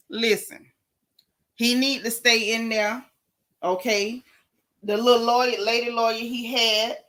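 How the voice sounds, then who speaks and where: A woman's voice: medium pitch, sharp tone. A woman with a Southern US accent hosting a casual livestream gossip show, sassy and emphatic, repeating her punchlines for effect.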